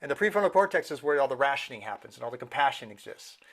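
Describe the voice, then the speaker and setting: A man's voice: medium pitch, animated, very fast, fairly bright tone. A middle-aged man speaking earnestly in a casual interview, now and then acting out the voices of people he quotes. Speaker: guest, meditation teacher.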